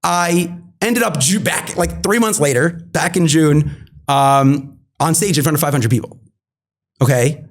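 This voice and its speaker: A man with a fairly high voice tells a story as a podcast guest. He is animated and filler-heavy, and he slips into quick acted-out bits of dialogue. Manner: animated, many fillers, acts out quoted dialogue. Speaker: podcast guest, marketing entrepreneur. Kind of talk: storytelling anecdote.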